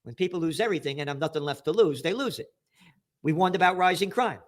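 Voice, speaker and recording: A man forecasting trends in an angry, profane, sarcastic rant, reading news headlines and jumping between shouted outbursts and low muttered asides. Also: animated, fast. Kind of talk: ranting news commentary.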